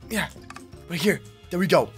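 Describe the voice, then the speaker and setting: Excitable male gaming YouTuber, lively swooping delivery, slangy hype commentary. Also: high voice, measured pace, music in the background. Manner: hyped, slangy, excitable, talks to viewers. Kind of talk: Minecraft gameplay commentary.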